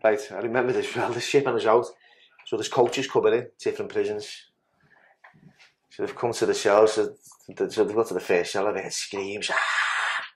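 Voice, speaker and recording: A man, sitting as a podcast guest and telling his story in a blunt, sweary way. His voice sits a little low. He stumbles and restarts his words as he pushes on through the tale. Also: fairly even intonation, moderate pace, slight background noise. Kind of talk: casual storytelling interview.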